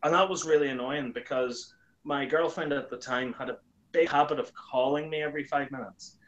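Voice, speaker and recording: Animated man telling stories. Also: fairly quick, highs cut off. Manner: animated storyteller, acts out quoted lines in a higher voice. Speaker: YouTuber guest. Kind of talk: casual chat.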